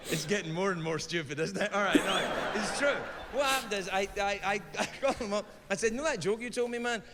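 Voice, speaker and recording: A man's voice: high-pitched, moderate pace, very noisy. A middle-aged man doing a stand-up comedy routine on stage, a rambling storyteller who keeps sidetracking himself and slips into silly voices. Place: stage before an audience. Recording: live stage sound with long reverb.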